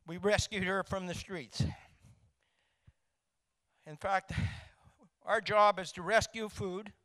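Older man, charity volunteer, high smooth voice, folksy and halting storyteller. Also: pushed and bright. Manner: folksy, halting, with many restarts. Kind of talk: storytelling talk to a group.

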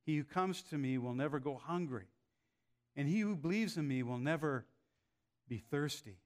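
A man preaching a sermon, speaking in a measured way with frequent "uh" pauses. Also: a little high. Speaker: pastor.

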